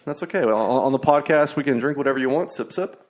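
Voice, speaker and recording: A man's voice: medium pitch, quick pace, slight background noise. A young man hosting a podcast, telling rambling stories in casual chat with lots of fillers and restarts. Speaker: podcast host.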